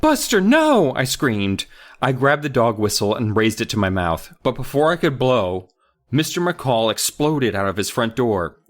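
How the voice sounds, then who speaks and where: A man reads and riffs through a story on a comedy podcast. His voice sits at a middle pitch but moves a lot, animated and playful. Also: normal speed. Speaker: podcast co-host. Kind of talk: comedic story recap and read-aloud.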